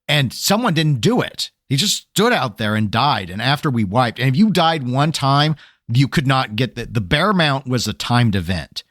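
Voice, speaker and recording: A man's voice: mid-range voice, normal speed, no echo, clean studio sound. A man co-hosting a casual gaming podcast, spinning a long tangent and acting out exasperated quotes. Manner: animated storyteller, acts out exasperated quotes. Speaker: podcast co-host.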